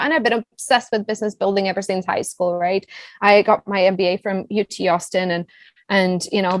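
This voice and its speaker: A woman in her thirties with a foreign accent, a business coach telling her own story as a podcast guest, animated and full of "like" and "right?". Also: fairly high pitch, dry recording. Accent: non-US foreign accent. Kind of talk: personal storytelling in a podcast interview.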